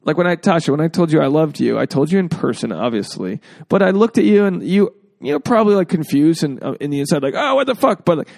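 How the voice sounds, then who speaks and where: A man's voice: a little high, lively intonation, quick pace, vocal fry, darkish tone, dry recording. A man hosting a casual podcast, joking freely and acting out quotes in exaggerated voices. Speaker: podcast host.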